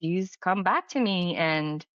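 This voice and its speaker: On a dull, dry, lo-fi recording, a middle-aged woman who works as a medium and healer speaks slowly with a fairly low, slightly bright voice and lively intonation. As a podcast guest in a casual interview, she tells chatty stories heavy with "like" fillers and acts out quoted lines.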